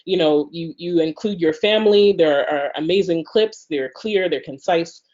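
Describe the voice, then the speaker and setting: A woman's voice: on the low side, normal speed, a little mellow. A woman leading an online workshop, talking loosely with many fillers over a video call. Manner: loose, filler-heavy speech. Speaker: workshop instructor. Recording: slightly muffled video call audio.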